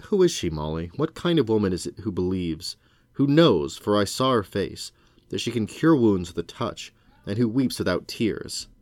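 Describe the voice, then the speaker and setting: A man's voice: fairly low pitch, expressive, normal speed, darkish tone, no echo, studio quality, close to an everyday voice. A man reading aloud as an earnest, lovesick young prince who speaks in a pleading way.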